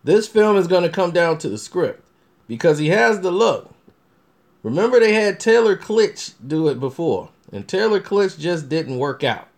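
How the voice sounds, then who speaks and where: A man's voice: sits high, animated, moderate pace. A man talking casually about upcoming films as a review vlogger, rambling with many restarts and fillers. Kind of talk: casual movie commentary.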